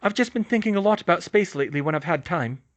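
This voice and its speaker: Man voicing a teenage witch, bookish, earnest, higher pitched, audiobook. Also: lively intonation, quick pace. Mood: eager. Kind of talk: audiobook reading of fan fiction.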